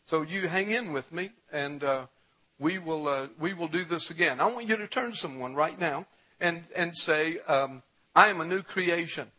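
A male pastor preaching a sermon, reading scripture aloud and urging the congregation, his voice rising to a shout when he exhorts them. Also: on the high side, moderate pace, poor audio.

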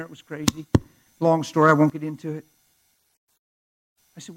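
A man pastor preaching through a personal story, fervent and conversational, often dropping to a hush. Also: fairly high pitch, fairly even intonation, fairly quick, pauses often, low-quality recording. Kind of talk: storytelling sermon.

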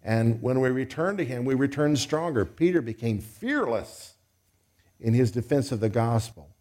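A man's voice: medium pitch, darkish tone. A man preaching a sermon in a conversational way, acting out quoted voices as he goes.

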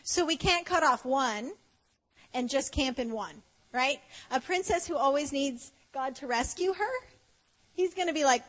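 This conference speaker preaches playfully, chatting with her listeners and laughing while she acts out brief dialogues. Her high-pitched voice is expressive and fairly bright, her delivery unhurried, and the hall lends a long reverb.

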